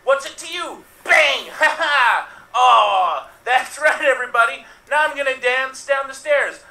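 A man's voice: extremely high pitch, normal speed, sharp tone, echoey room, exaggerated voice, poor audio. A man playing a deranged male clown villain, frantic and laughing in fits, one performer in an online improv show. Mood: manic.

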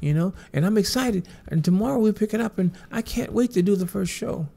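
A man imitating an excited, grateful male pop star, his voice lifted high and gushing. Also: a little fast, creaky, full character voice. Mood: excited, affectionate.

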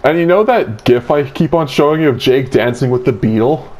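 A man's voice: medium pitch, expressive, brisk, a little mellow, a little hiss or hum. Rambling, crude young man telling a dream. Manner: rambling and crude, full of filler likes. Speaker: host retelling his dream. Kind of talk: casual chat.

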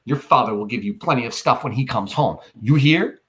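A man's voice: mid-range voice, fairly quick, slightly rough. A man reading a stern scolding mother. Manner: sharp and scolding.

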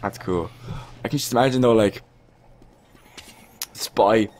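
A man's voice: medium pitch, fairly quick, a little mellow, a little hiss or hum. A man giving casual live commentary over his own gameplay, joking and talking to the players on screen. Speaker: gaming YouTuber.

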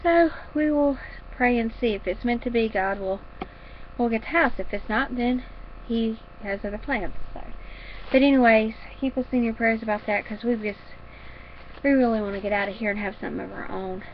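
A woman's voice: fairly high pitch, normal speed, muffled recording, a little hiss or hum. A woman chatting casually and rambling about her crafts in a home craft room. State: a little out of breath. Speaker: crafting vlogger. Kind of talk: casual chat.

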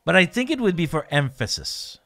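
A man's voice: on the high side, big pitch swings, fairly quick, fairly bright tone, soft background music. A man giving casual, joking commentary while playing a language-learning game, laughing often.

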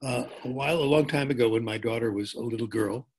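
A man's voice: medium pitch, a little mellow, breathy edge. Older man telling stories in a talk. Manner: anecdotal, conversational with pauses and restarts. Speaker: linguistics speaker. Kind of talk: conference talk.

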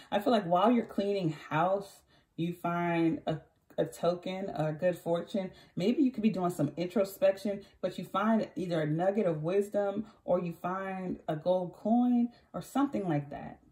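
A woman's voice: fairly low pitch, measured pace, dark tone. A woman giving a casual tarot reading who chats freely, corrects herself and laughs often. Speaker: tarot reader.

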